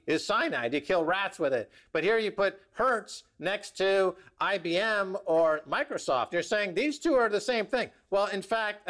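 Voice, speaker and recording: A man's voice: on the high side, fairly bright tone. Wry joking male talk-show host. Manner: wry, joking, laughs at his own lines. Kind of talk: casual financial talk show banter.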